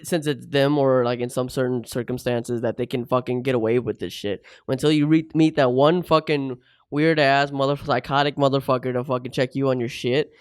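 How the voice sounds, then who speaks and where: A young man, co-hosting a podcast, expressive and quick to laugh and swear. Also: mid-range voice, clear, resonant tone, no room sound. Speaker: podcast co-host. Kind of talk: casual chat.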